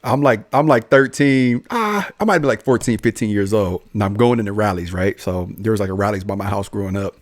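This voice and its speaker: A man's voice: lowish voice, a little fast, few pauses, no echo, clean studio sound. A young adult man hosting a podcast, telling stories casually and animatedly, acting out the voices of other people. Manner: animated storyteller, acts out voices, laughs often.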